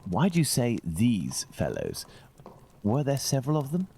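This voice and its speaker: An actor playing Sherlock Holmes, a sharp detective who questions people in a measured, pointed way in a video game. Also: male voice, medium pitch, huge pitch swings, gravelly, slightly rough, heavily acted. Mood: probing.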